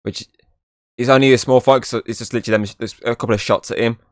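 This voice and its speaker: A man's voice: medium pitch, steady tone, quick pace, dry recording, studio quality. A man hosting a casual film review podcast, rambling and leaning on filler words and restarts. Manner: rambling, leans on "obviously" and restarts.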